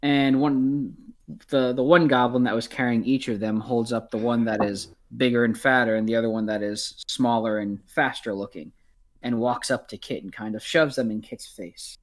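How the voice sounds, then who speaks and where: A man's voice: mid-range voice, fairly even intonation, moderate pace. A man narrating as game master in a casual way, with many ums and uhs.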